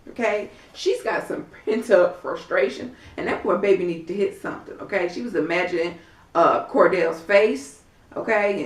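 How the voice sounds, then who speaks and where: Sassy woman recapping in an echoey room. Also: mid-range voice. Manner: sassy, blunt, profane, tells the story acting out quotes. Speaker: reality show recap vlogger. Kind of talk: casual recap vlog. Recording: echoey room, far from mic.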